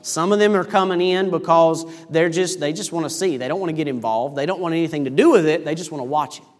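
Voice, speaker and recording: A man's voice: on the high side, quick pace. Storytelling male preacher in a reverberant hall. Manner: animated storytelling. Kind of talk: sermon. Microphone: microphone over PA.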